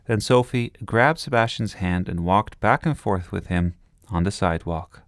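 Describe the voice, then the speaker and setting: A man reading a children's storybook aloud, expressive and steady. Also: on the low side, normal speed, no echo, clean studio sound. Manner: warm, expressive read-aloud narration.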